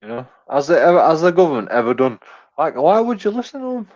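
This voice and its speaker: A man's voice: fairly high pitch, very animated, quick pace, a little mellow, lo-fi sound. An English man ranting casually, full of swearing and stumbling restarts. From England. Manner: profane, rambling, stumbling repeats, chuckling. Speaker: YouTube commentator. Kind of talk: casual rant.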